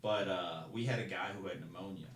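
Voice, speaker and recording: A young man casually telling stories in a rambling way, restarting sentences and acting out shouted lines. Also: low voice, a little fast, reverberant. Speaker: guest. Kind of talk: casual storytelling.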